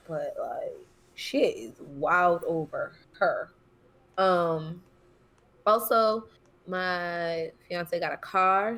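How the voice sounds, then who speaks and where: A woman's voice: fairly low pitch, a bit bright. A young woman co-hosting a podcast in casual chat, playfully denying her co-host's teasing. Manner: playful, defiant denials. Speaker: podcast co-host.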